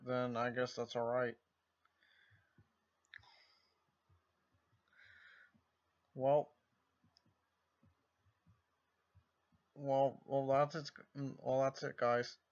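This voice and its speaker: A man doing an impression of a male online streamer who rambles haltingly and mocks his own videos. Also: mid-range voice, lo-fi sound. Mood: offhand. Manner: halting, rambling, self-deprecating.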